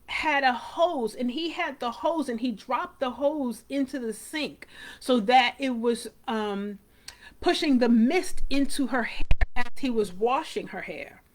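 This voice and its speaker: Host: middle-aged woman, fairly high voice, chatty and rambling, talks straight to viewers. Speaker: hair care show host. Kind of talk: casual live talk to viewers.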